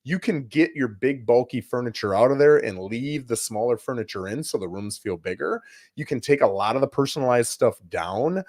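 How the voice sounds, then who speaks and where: Male co-host, lively swooping delivery, casual advice talk, plays out client quotes. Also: medium pitch, normal speed. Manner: animated, acts out client quotes. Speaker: real estate broker co-host.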